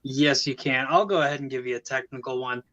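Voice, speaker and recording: A man's voice: medium pitch, fast, fairly bright tone, muffled recording. A man hosting an online trivia quiz, reading questions, counting down and joking with the players. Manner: reads questions, counts down, jokes. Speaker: trivia host.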